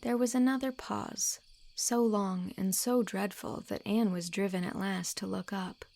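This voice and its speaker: A woman narrating a classic novel as an audiobook, reading in an expressive, measured storytelling manner. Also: mid-range voice, gravelly, no echo. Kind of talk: scripted narration.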